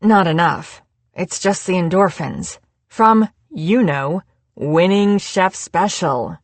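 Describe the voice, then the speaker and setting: A woman voicing a giddy, tipsy young adult chef in an audiobook, talking in a playful, animated way. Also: fairly low pitch, slow, dry recording.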